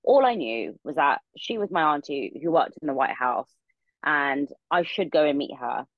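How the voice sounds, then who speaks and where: A woman's voice: low-pitched, expressive, normal speed, no room sound, narrow, tinny audio. A young woman, a podcast guest in her room, telling a story casually and rambling with many filler words.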